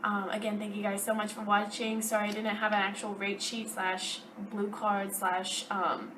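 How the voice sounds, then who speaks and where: A woman's voice: mid-range voice, little pitch movement, normal speed, a bit bright, slight background noise. A young woman chatting to camera, ranting about her job with lots of fillers, recorded a little far from the mic. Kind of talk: casual chat to camera.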